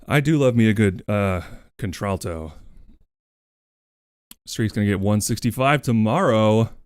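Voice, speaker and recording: A man's voice: fairly low pitch, a little slow, clean tone, no room sound, clean studio sound. A man streaming, chatting casually and playfully, thanking viewers by name. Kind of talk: casual livestream chat.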